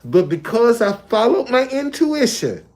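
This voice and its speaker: A man's voice: very high-pitched, big pitch swings, unhurried, a little mellow. Man repeating himself on a livestream. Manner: repetitive, loose conversational, restates points. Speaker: live streamer. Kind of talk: casual livestream talk. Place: hotel.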